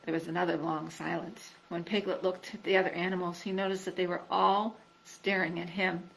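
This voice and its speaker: A woman reading a children's storybook aloud in an expressive storytelling manner. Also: lowish voice, brisk, vocal fry, rough recording. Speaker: storybook reader.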